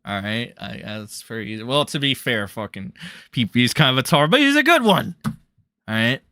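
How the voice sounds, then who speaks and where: A man's voice: mid-range voice, moderate pace, sharp tone, clear, resonant tone, no room sound. A man hosting a casual livestream, reading chat messages aloud and commenting in a crude, rambling, mocking way with a lot of swearing.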